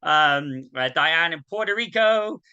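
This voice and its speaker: A man hosting a sing-along over a video call, chatty and poking fun at himself as he greets people. His voice is very bright and smooth, set a little high, with a dry close sound. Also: animated, takes it slowly, no echo, highs cut off. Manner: chatty and self-mocking. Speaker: host. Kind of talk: casual welcome and roll call.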